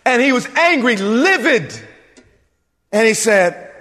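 Male pastor, high and husky voice, lively sermon delivery. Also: takes it slowly. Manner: animated preaching, repetitive fillers. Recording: reverberant hall.

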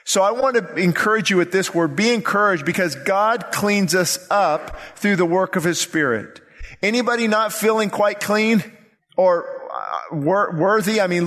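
A man, a pastor, preaching a sermon in an animated way, acting out the voices of the people he quotes. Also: high-pitched, moderate pace. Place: church sanctuary. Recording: church hall reverb.

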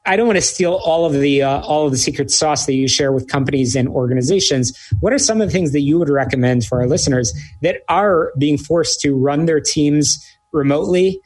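A man's voice: a little high, fairly quick, a little mellow. A male business show host running a radio interview in a conversational way, with frequent filler hesitations.

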